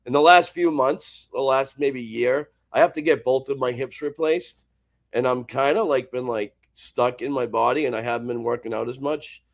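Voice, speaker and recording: A man's voice: medium pitch, normal speed. A man guest on a panel chat, rambling and filling his talk with "like" and restarts. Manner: rambling, says like constantly, restarts a lot. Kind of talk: casual chat.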